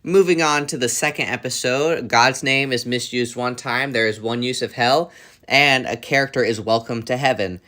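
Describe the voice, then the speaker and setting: A man gives an earnest, casual review, listing points with some hesitation. His voice is bright and a bit tense, at an ordinary pitch. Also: normal speed. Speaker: show reviewer.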